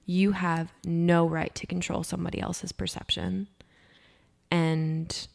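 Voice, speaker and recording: A woman's voice: on the low side, little pitch movement, takes it slowly, vocal fry. A young woman co-hosting a podcast, talking candidly and emphatically and swearing freely in casual chat. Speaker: podcast co-host.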